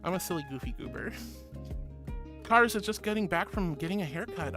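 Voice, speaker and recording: A woman streamer chatting casually and reading out viewer messages, sweet and affectionate, her voice jumping up high when she greets people. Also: lively intonation, fairly quick, music in the background.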